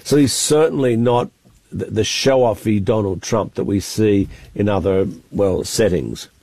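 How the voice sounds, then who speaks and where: A man's voice: lowish voice, unhurried, mellow, dry recording. Chatty male foreign correspondent, live. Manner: chatty, thinking aloud with frequent restarts. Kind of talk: live news cross, unscripted analysis. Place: Beijing, reporting remotely.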